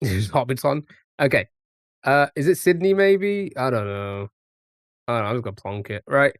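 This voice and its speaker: A man's voice: mid-range voice, normal speed, dry recording. Rambling man streaming with a dry mic. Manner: thinks aloud, rambling, many restarts and fillers. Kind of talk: casual live-stream commentary.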